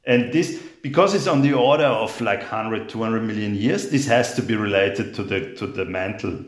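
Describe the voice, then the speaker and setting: Halting male geologist in a roomy space. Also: lowish voice. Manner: halting, repeats words, many fillers. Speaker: geologist guest. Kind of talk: explanatory conversation.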